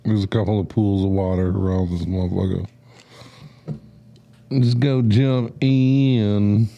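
A man co-hosting a live-stream podcast, talking in slangy, profane jokes with a gravelly voice. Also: on the low side, fairly even intonation, a little slow, dark tone, muffled recording. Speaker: podcast co-host. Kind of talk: casual live-stream chat.

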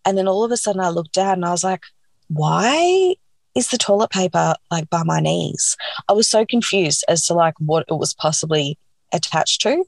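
Gravelly-voiced woman telling a story. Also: lowish voice, brisk, no room sound. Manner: animated, acts out quoted dialogue, frequent "like". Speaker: podcast guest. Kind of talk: candid personal storytelling.

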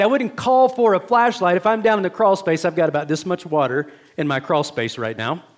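A man with a high voice, preaching a sermon as pastor in a church. He talks in an earnest, conversational way and keeps dropping from pleading calls into quiet, hushed asides. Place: church sanctuary.

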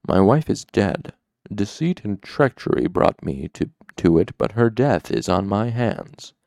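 A man's voice: lowish voice, animated, measured pace, creaky, warm tone, no echo, studio quality. A man voicing Lanre, a grief-stricken and weary fallen hero, speaking heavily with despair in an audiobook reading. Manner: heavy and despairing.

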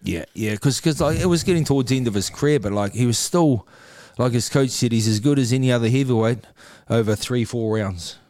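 A man's voice: mid-range voice, a little fast, hardly any pauses, a little mellow. A man with a New Zealand accent, a guest on a podcast, telling stories in a laid-back, casual way, swearing freely and laughing as he goes. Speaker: podcast guest, former boxer. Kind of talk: casual interview storytelling.

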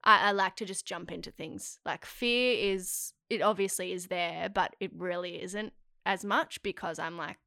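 A woman's voice: on the low side, unhurried, vocal fry, sharp tone, no room sound, clean studio sound. A young woman, an actress chatting in an interview, rambling with lots of fillers. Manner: rambling, filler-heavy, laughs often. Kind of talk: casual interview chat.

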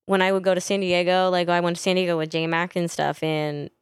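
Blunt, profane young woman, low voice. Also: flat delivery, a little fast, clean tone, no room sound, studio quality. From Northern California. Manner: blunt and profane, laughs often. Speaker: podcast guest. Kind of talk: casual podcast chat.

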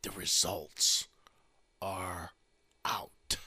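A man doing stand-up storytelling, profane, with a drawn-out delivery. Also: low voice, flat delivery, pushed and bright, breathy edge, dry recording. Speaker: comedian.

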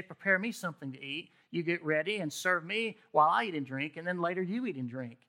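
A man's voice: sits high, sharp tone. A man preaching a sermon in a conversational way, often checking in with "okay?" and restarting his words. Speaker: pastor.

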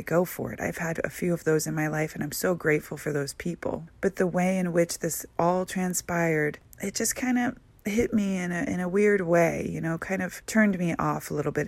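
A woman speaking alone in a reflective spiritual monologue, earnest and gentle as she shares her own experience. Her voice has a gravelly, creaky texture, and the recording is dry and close, with no room sound. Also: fairly low pitch, no room sound. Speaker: spiritual podcast host.

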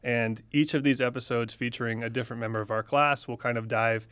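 A man's voice: medium pitch, fairly even intonation, fairly quick, fairly bright tone, clean tone, no room sound. Easygoing young man podcast host. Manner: easygoing, friendly recapping. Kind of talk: casual chat among medical students.

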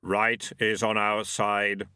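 A man voicing Death, slow and grave. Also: on the low side, little pitch movement, pushed and bright, clear, resonant tone, no echo, clean studio sound. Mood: solemn. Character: Death, grave male personification of death.

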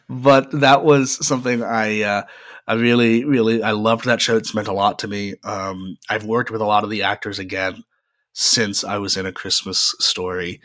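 A man's voice: fairly low pitch, fairly bright tone, no room sound, clean studio sound. A young man hosting a podcast, telling rambling personal stories in a chatty way with lots of "uh" fillers. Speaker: podcast host. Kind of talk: casual solo storytelling.

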